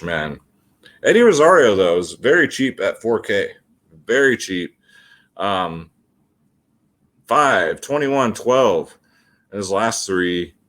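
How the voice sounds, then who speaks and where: A man runs through his daily fantasy baseball picks in a loose, chatty way, calling his viewers "guys." His voice sits at a middling pitch but swings widely and expressively from phrase to phrase. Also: fairly bright tone. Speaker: fantasy sports picks host. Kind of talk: casual sports picks video.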